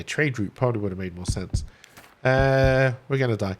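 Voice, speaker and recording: A man streaming a game live, quickly ordering his crew around and reading the game's text aloud. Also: medium pitch. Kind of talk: live gameplay commentary.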